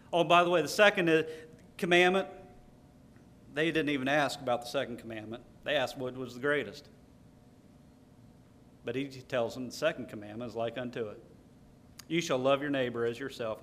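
A man's voice: on the high side, a bit bright. A man preaching a sermon, stressing key words and reading scripture aloud.

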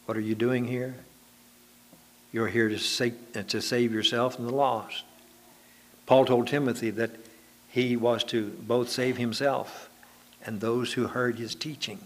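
A man's voice: medium pitch, flat delivery, measured pace, long pauses. A man preaching a sermon to his congregation, telling homely anecdotes in a conversational, folksy way.

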